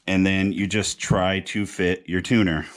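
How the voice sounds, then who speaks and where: A man's voice: deep voice, steady tone, measured pace. A man narrating a guitar repair how-to in a casual, joking, slangy way. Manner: laid-back, joking, slangy. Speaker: guitar repair video host.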